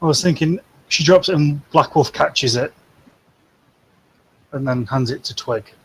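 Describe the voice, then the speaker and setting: A man's voice: a little high, a little slow, low-quality recording. A man playing a tabletop role-playing game, asking eager questions about the rules in casual talk. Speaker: player.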